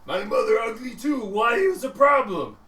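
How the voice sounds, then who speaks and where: A man's voice: very high voice, animated, normal speed, reverberant, distant mic, voice pushed up, heavily acted. A man voicing dim-witted quarrelsome ogres and trolls, speaking in broken grammar. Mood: angry. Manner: broken grammar, gruff, shouting.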